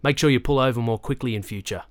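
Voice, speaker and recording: A man voicing a jovial, burly male police constable with a rural Australian accent, loud and blunt. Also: mid-range voice, fast, dry recording, clean studio sound, natural voice. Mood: stern questioning.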